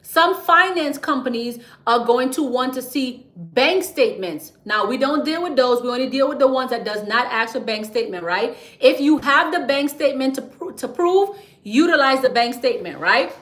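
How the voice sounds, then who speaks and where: A woman hosts a casual livestream, chatty and quick to laugh. Her voice sits high and sounds bright. The room around her is echoey. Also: lively intonation. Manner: chatty and playful, laughs often, drops into a whisper to share tips. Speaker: livestream host teaching business credit. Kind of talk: casual livestream talk to viewers.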